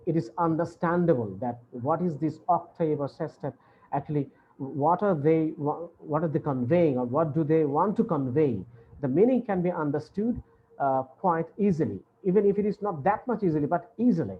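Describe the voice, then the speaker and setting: A man's voice: a little high, expressive, normal speed. Male lecturer, patient explainer with many hesitations, dull video-call audio, faint hiss. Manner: explains patiently, repeating points with frequent "uh". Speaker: university English lecturer. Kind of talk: online lecture.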